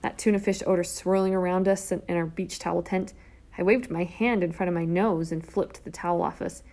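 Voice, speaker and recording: A woman reading a first-person children's novel aloud, lively and character-driven, with whispered asides. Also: lowish voice, fairly quick. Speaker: audiobook narrator. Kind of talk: first-person storybook narration.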